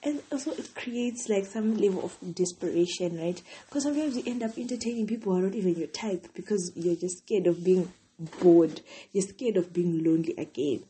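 A young woman talks through a rambling, casual podcast in a very husky, breathy voice. Her tone is dark and mellow and sits fairly low, and she sounds tired. She fills her sentences with "like" as she goes. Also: a little fast, few pauses. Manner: chatty, rambling, heavy use of "like". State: tired, yawning. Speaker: podcast host. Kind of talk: casual solo venting podcast.

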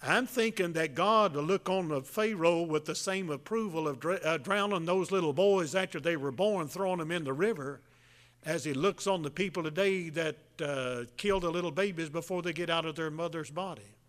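A man preaching a folksy sermon, telling a Bible story in a halting way with many filler sounds. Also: fairly high pitch, fairly bright tone.

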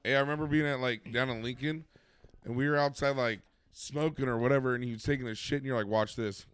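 A man's voice: medium pitch, steady tone, fast, a bit bright, clean tone, no room sound. A man co-hosting a podcast, telling crude stories in a profane, laughing, casual chat among friends. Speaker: podcast co-host.

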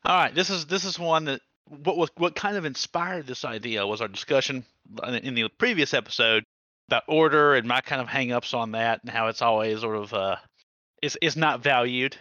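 A man's voice: medium pitch, moderate pace, bright, forceful tone, no room sound, lo-fi sound. A man co-hosting a podcast in casual chat, joking and rambling with frequent laughs. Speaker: podcast co-host.

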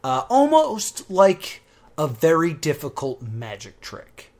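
A man casually recapping a TV episode with a co-host, animated when quoting scenes. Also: on the high side, takes it slowly. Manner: animated retelling, bursts into loud quoted exclamations. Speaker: podcast co-host. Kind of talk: casual chat recapping a TV show.

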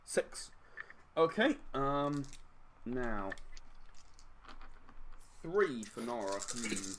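Lively, animated male game master. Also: mid-range voice, extremely slow, slight background noise. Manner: rambling, chuckling, many fillers. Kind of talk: narrating a tabletop game.

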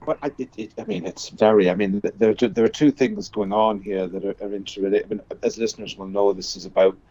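A man giving political commentary as a radio guest, talking haltingly with many restarts. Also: fairly low pitch, fairly even intonation, dark tone, muffled recording.

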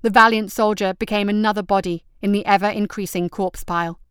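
A woman's voice: mid-range voice, fairly even intonation, brisk, smooth, no room sound, clean studio sound. A woman reading out an action story as narrator, telling it steadily and vividly.

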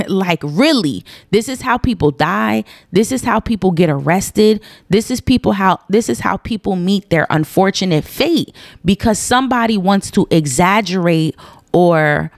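A woman's voice: mid-range voice, unhurried, creaky, dry recording. Emphatic woman telling a story, dry sound. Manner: emphatic, animated, repeats points for stress. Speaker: storyteller recounting a personal incident. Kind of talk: casual storytime monologue.

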